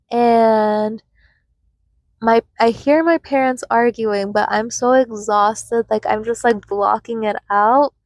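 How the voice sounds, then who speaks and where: Young woman, slow-talking, higher voice, rambling storytime, lots of fillers, dry close sound. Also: dry recording. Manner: rambling, many filler words and restarts. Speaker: vlogger. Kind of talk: casual storytime monologue.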